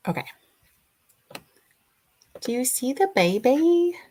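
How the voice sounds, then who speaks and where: A woman's voice: high-pitched, sing-song, takes it slowly, mellow. A woman hosting a casual livestream, chatting and greeting viewers by name, sometimes singing a snippet. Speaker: livestream host.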